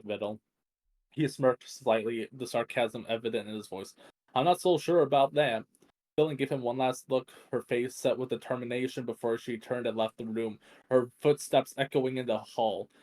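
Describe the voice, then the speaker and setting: Man reading fanfic aloud with a strained voice, stumbles and self-corrects often, mid-range pitch. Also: a little mellow. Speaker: fanfic reader. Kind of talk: reading fan fiction aloud.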